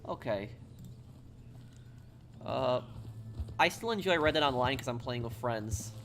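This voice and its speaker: A man's voice: mid-range voice, lively intonation, a little slow, vocal fry, a bit bright, a little hiss or hum. A man from New York chatting casually on a live stream, answering viewer questions while he plays, rambling and a bit apologetic. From New York, USA. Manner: rambling, apologetic, talks over gameplay.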